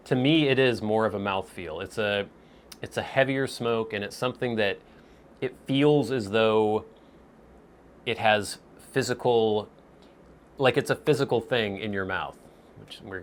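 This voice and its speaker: A man's voice: fairly low pitch, slight background noise. A man hosting a casual question-and-answer video, thinking aloud and searching for words with small restarts. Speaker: host answering viewer questions. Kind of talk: casual Q&A vlog.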